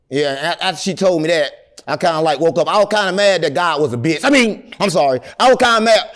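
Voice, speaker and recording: A middle-aged man, telling long rambling stories with deadpan jokes as an interview guest. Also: a little high, quick pace. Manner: animated, rambling, deadpan joking. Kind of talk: rambling storytelling in casual interview.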